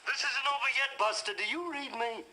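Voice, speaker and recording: An actor playing a young man who fakes a bossy, gruff father on the phone in a brash, mock-authoritative, swearing manner. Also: extremely high pitch, a little fast, noisy background. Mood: mock-stern.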